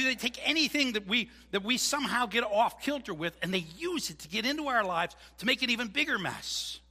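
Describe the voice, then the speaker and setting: A man preaching a sermon as pastor, animated and joking, acting out voices. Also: high-pitched, vocal fry, slightly rough, long reverb tail. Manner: animated, jokey, acts out voices. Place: church.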